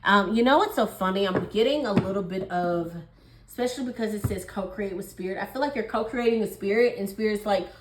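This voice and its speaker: A woman's voice: medium pitch, fairly quick, a little hiss or hum. A woman talks through a tarot reading in a loose, chatty way, often laughing and acting out little back-and-forth dialogues. Her voice sits in a middle range. The room around her is echoey. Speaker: tarot reader.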